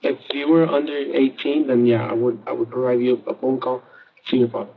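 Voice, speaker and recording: A male police detective asking questions in a calm, measured way during an interrogation. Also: medium pitch, creaky. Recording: tinny interview tape with faint hiss.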